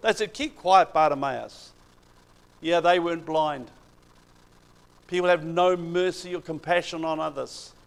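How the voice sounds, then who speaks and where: Gravelly-voiced man preaching a sermon. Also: high-pitched, low-quality recording. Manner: retells Bible stories with animated emphasis.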